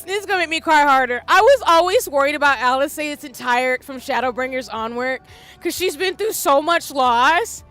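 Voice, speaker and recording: A high-pitched woman with a bright, sharp tone chats to her stream while playing. She is emotional and gushing, often close to tears, with faint game music playing behind her. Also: expressive, brisk. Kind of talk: casual live-stream commentary.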